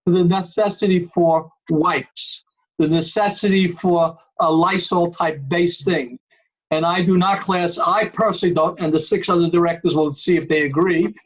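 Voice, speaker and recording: Man, high pitch, emphatic meeting chair on a video call. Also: highs cut off. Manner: emphatic, calls on members by name. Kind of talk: online board meeting.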